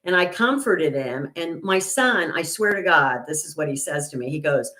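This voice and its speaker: An older woman chats away on her own livestream with a lower-pitched voice. She rambles through her thoughts with plenty of fillers and restarts. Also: lively intonation, moderate pace, hardly any pauses. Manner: indignant, gets loud and high when retelling an argument. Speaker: channel host. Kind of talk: casual livestream chat.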